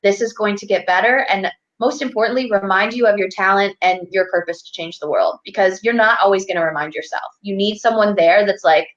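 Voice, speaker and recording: Over dull, lo-fi video call audio, a woman who works as a financial advocate and life coach speaks as a guest in a casual interview. She talks candidly and motivationally in a medium-pitched voice, brisk and with few pauses.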